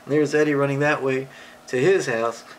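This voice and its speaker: A woman's voice: extremely low pitch, background noise. A woman reading a picture book aloud to a child, stopping to ask questions. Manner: slow, lively storytelling with questions to the child.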